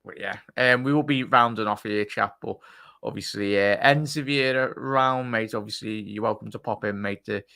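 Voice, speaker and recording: A low, gravelly male voice with a bright, forceful edge. He hosts a casual fan live stream and banters with his guests while reading out chat. The sound is dry and close. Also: normal speed, no room sound. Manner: chatty, teasing, reads out chat messages. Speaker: host.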